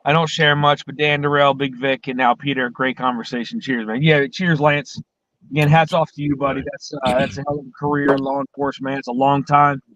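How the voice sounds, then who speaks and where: A man hosting a casual livestream chat from his car, relaxed and friendly with his guests. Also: medium pitch, brisk, muffled recording. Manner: laid-back, says "man" and "buddy" a lot. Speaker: livestream host. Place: parked car.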